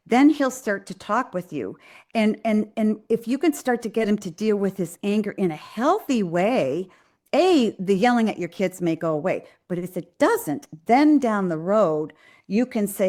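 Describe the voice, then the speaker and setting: A woman's voice: mid-range voice, darkish tone. A woman hosting a live Q&A, answering viewers' parenting questions in an earnest, direct way with frequent ums and restarts. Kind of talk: live Q&A advice talk.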